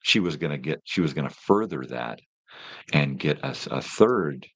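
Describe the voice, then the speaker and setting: Gravelly, very deep-voiced man. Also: expressive, moderate pace, fairly bright tone, no room sound. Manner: rambling, laid-back slang. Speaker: live-stream host. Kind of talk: casual live-stream chat with viewers.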